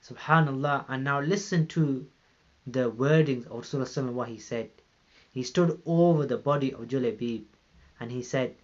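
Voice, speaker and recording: A man's voice: medium pitch, brisk, muffled recording. A British man giving a Ramadan talk at a mosque, retelling a story in an earnest way, often saying "you know". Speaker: mosque speaker.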